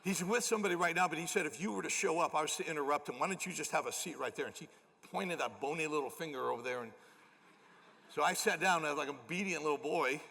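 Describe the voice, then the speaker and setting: Older male pastor, bright gravelly voice, animated self-deprecating storytelling, long church reverb. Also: on the high side. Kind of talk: storytelling sermon. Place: large church auditorium.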